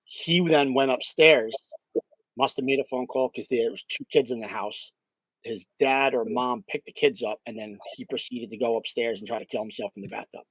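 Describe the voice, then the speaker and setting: A man at an ordinary middle pitch tells a paranormal case in a loose, conversational interview. He fills pauses with "um" and acts out what people said. The recording is close and dry. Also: breathy edge, dry recording, rough recording. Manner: animated storyteller, many fillers and acted-out quotes. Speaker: paranormal investigator, interview guest. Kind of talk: casual storytelling in an interview.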